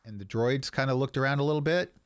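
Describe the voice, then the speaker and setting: A man's voice: mid-range voice, quick pace, clean tone, no room sound. Hesitant man running a tabletop game. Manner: hesitant, many ums. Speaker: game master.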